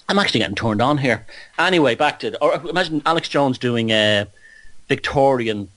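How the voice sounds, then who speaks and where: A man's voice: mid-range voice, lively intonation, brisk, a bit bright, dry recording. A man, drowsy from antihistamine, hosting a blunt, mocking rant full of restarts. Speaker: host. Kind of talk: ranting monologue.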